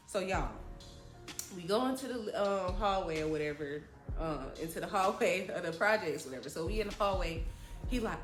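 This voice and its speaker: A woman's voice: lowish voice, expressive, normal speed, roomy sound, soft background music. A young woman telling a story in a dramatic, chatty, slangy way, often addressing viewers directly. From New Jersey. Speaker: storytime vlogger. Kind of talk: animated storytelling.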